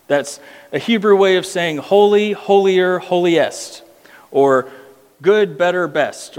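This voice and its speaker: A man preaching an expository sermon, emphatic, repeating words for weight and slowing down on key phrases. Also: sits high. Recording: long reverb of a church hall.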